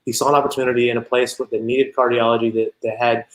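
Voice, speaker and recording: Male business founder, interview guest, mid-pitched, easygoing storyteller, roomy echo. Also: quick pace. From US South. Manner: relaxed, rambling storytelling. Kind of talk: casual interview conversation.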